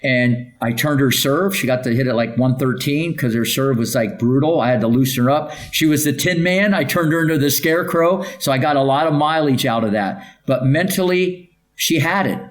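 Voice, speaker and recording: A man's voice: medium pitch, normal speed, hardly any pauses. Emphatic older man, punchy storytelling. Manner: emphatic, punchy, rattles off lists, frequent "okay?". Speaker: tennis coach. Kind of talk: podcast interview storytelling.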